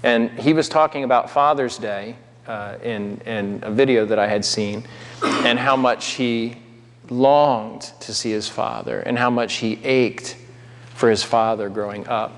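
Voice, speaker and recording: A man's voice: mid-range voice, steady tone, a little slow, slight background noise. A man preaching a sermon in a conversational way, with asides to the congregation. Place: church sanctuary. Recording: long hall reverb.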